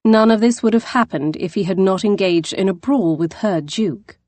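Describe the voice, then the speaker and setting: A woman narrating a historical novel as an audiobook, with an expressive, dramatic reading. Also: mid-range voice, moderate pace, no echo. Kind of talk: scripted narration.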